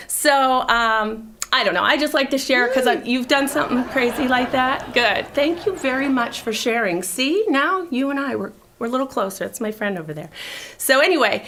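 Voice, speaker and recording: A woman's voice: sits high, moderate pace, sharp tone. Chatty woman host telling stories. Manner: chatty, confessional storytelling. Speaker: talk show host. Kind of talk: comedic monologue to a studio audience.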